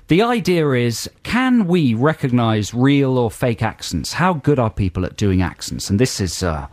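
A man's voice: mid-range voice, very animated, measured pace, a little mellow, dry recording. A man presenting a radio show, teasing and dry as he talks to callers. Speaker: radio co-host.

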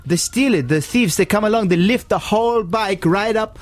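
A man imitating an excitable Italian stranger with a put-on accent, insistently warning about thieves. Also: sits high, normal speed, no echo, pitched above the performer's own voice, natural voice. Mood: urgent. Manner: insistent, repeats "no, no, no".

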